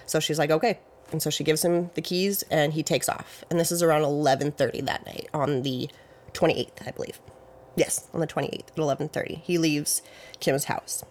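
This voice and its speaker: With fairly even intonation and a normal speed, this easygoing true-crime podcaster talks in a loose, meandering way at a mid-range pitch. Hedges such as "I believe" and "I think" pop up often, alongside constant "you know" and "like."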